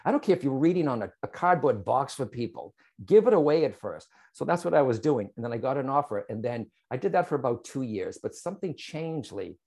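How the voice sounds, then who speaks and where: Man, guest medium, storytelling, lively swooping pitch, mid-range voice, talks straight to the host. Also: fairly quick, few pauses. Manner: animated, speaks straight to the host, frequent "right?" and "okay?". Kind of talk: storytelling in an interview.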